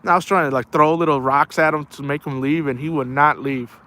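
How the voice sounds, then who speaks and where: Night fishing on a live stream near the water, this man rambles from story to story, tossing out "man" and "bro" at every turn. The outdoors streamer's voice is slightly high, pushed and bright, with a steady tone and a fairly quick pace.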